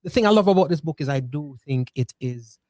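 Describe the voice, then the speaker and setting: A man hosting a podcast interview, speaking in an animated, conversational way with playful asides. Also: a little high, a little fast, no echo, studio quality. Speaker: podcast host.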